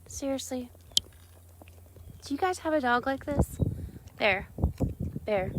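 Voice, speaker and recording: A woman's voice: sits high, animated, slow pace, pauses often, a little hiss or hum. A woman chatting casually on a live stream outdoors on her ranch, talking sweetly to her animals.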